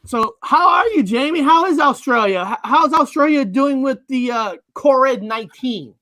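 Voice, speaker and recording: Host with a high, dry voice. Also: male voice, animated, sharp tone, no echo. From United States, Washington state. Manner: halting, lots of uhs and self-corrections. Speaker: podcast host. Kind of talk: casual interview chat.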